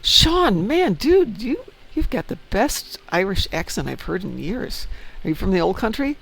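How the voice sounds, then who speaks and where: A man voicing a pushy male phone scammer with an Indian accent, flattering and teasing. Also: high-pitched, a little slow, creaky, voice pushed up, exaggerated voice, rough recording. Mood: mock-flattering.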